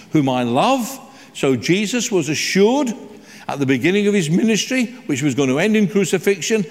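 A man preaching a sermon, emphatic and animated, slowing right down when he quotes scripture. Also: on the high side, big-room sound.

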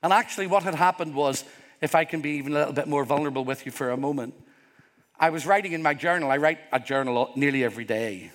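A middle-aged pastor preaches a sermon in a slightly high, fairly bright voice, talking fast. He is earnest and openly vulnerable, building to emphatic peaks, and the recording carries a long hall reverb.

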